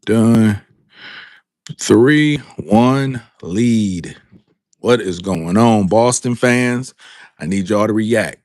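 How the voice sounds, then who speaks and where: A man hosting a live sports talk stream, calling out to his viewers and repeating himself in a drawn-out way. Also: on the low side, darkish tone, no room sound, clean studio sound. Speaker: sports talk show host. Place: home studio with a green background.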